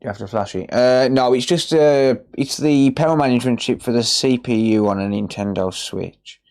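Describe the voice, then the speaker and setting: A man's voice: medium pitch, normal speed, darkish tone. An English man, an electronics repair technician, chatting casually to viewers while working on a livestream, rambling and answering them by name.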